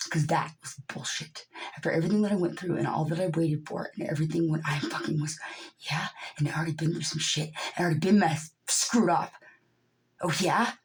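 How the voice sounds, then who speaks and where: A woman with a somewhat low-pitched voice delivers a profane, angry monologue to her camera. She drops into low muttering, then climbs into loud yelling, and she sounds upset throughout. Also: a little fast, rough recording. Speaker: vlogger.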